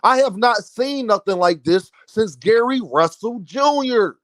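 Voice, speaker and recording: A man's voice: high voice, expressive, a little slow, a bit bright, no room sound. A man giving opinionated boxing commentary, talking emphatically and straight to his viewers.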